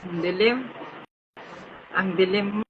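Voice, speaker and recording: A woman hosting a casual livestream, greeting viewers in halting English and slipping into Tagalog. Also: medium pitch. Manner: halting English with many pauses and fillers, switching into Tagalog. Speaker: livestream host. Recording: muffled phone audio with faint hiss.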